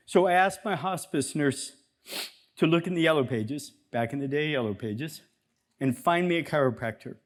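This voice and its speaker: Energetic man giving a seminar talk. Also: on the high side, moderate pace. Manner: energetic, conversational, acts out dialogue. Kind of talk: seminar talk to a live audience. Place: seminar room before an audience.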